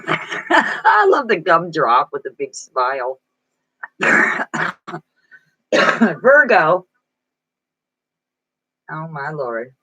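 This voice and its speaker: In a low-quality, echo-free recording, a woman with a low-sitting, slightly bright voice chats on a live stream at home. Working as a psychic reader, she reads viewers' comments aloud and answers them, sounding feeble and foggy.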